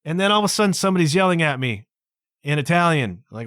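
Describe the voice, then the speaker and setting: A man's voice: fairly high pitch, fast talker, dry recording, studio quality. A man hosting his own podcast, telling travel stories in a casual, exclaiming way, dropping "man" and "dude" often. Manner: animated, exclaiming storyteller with frequent "man" and "dude". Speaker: podcast host. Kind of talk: casual solo podcast monologue.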